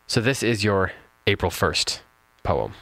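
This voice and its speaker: A man's voice: fairly low pitch, animated, takes it slowly, gravelly, a bit bright, no echo. A man hosting a poetry podcast, chatting casually and talking up a short poem with playful, mock-grand enthusiasm. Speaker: podcast host.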